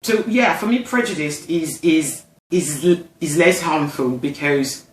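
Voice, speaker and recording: A woman from France speaks with a French accent in a casual discussion, often hesitating and searching for her words with many restarts. Her voice is low and unhurried, and the room is reverberant.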